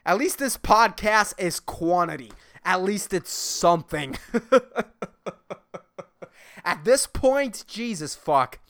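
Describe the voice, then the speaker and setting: Young guy rambling solo on his podcast, swearing a lot, bright voice all over the place. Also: high voice, slow, pauses often. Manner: profane, animated and laughing. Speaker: podcast host.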